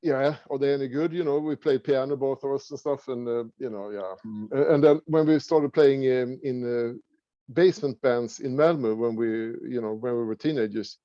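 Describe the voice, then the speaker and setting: Swedish-accented man, middle-aged, halting and full of fillers, warm dark tone, dry dull sound. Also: medium pitch, dry recording. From Sweden. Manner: halting, many fillers and restarts. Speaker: interview guest, musician. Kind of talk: casual conversation.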